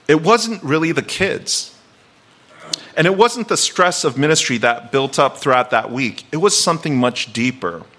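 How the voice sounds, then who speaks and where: Bright-voiced man preaching a sermon. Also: mid-range voice. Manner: conversational, reflective, with light self-deprecating humor. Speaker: guest pastor. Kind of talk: sermon with personal story. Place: church sanctuary.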